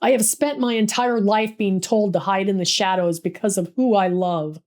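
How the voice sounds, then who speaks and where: A woman's voice: mid-range voice, moderate pace, a little mellow, close to an everyday voice. Woman voicing a proud, cutting male activist. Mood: defiant. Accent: mid-Atlantic. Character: dignified, bitter male civil rights organizer.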